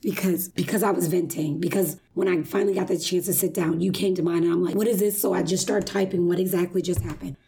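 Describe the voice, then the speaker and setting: A woman's voice: lowish voice, fast talker, gravelly, few pauses. A woman in her thirties telling a personal story in casual conversation, acting out what others said. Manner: animated storytelling, acts out quotes.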